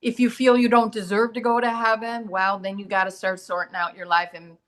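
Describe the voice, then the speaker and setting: A middle-aged woman speaks a little fast in a level, mid-range voice. She is a medium and massage therapist appearing as a guest in a casual talk-show conversation, telling earnest stories and playing out the voices of the people in them.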